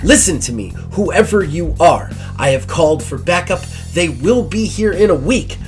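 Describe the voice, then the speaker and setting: A commanding female starship captain, acted by a man running the game, terse and exasperated. Her voice rises high when irritated. She speaks in clipped orders. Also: expressive, normal speed, faint music behind, close to an everyday voice.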